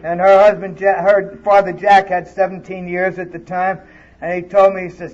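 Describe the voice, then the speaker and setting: This conference speaker is a man whose voice sits notably high, and he shares his personal story at a recovery event in a blunt, foul-mouthed way. His pitch barely moves, his speed is normal, and his tone is slightly mellow. The sound is murky and low-fidelity, reminiscent of an aged recording of a talk in a hall.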